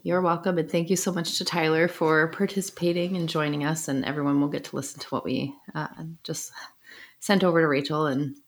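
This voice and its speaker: Low-voiced effusive woman co-host. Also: little pitch movement, fast, few pauses. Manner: warm and effusive, wraps up the show. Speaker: podcast co-host. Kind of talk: casual chat.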